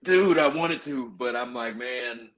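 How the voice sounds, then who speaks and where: A man casually telling a crude army story on a podcast, swearing constantly and animated. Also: fairly low pitch, normal speed, slight background noise. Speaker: podcast host.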